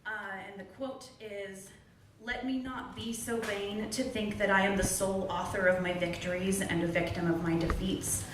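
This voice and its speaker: A woman's voice: medium pitch, steady tone, moderate pace, hardly any pauses, noisy background. A young adult woman at an open mic, performing spoken word poetry in an earnest, candid way with wry humor. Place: small club at an open mic. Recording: distant echoey room recording.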